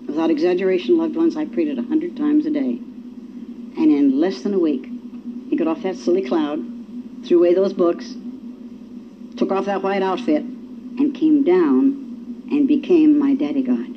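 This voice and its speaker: A woman's voice: sits low, moderate pace, long pauses, noisy background. Folksy woman sharing her story. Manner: folksy storytelling with acted quotes. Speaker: speaker sharing at a recovery meeting. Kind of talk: personal testimony talk. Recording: dull lo-fi recording.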